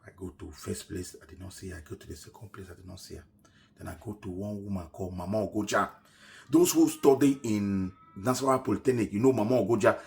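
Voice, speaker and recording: A man's voice: on the low side, fast, gravelly, soft background music. Nigerian man telling a personal story. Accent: Nigerian English. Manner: animated retelling, shouts quoted lines then drops to a near-whisper.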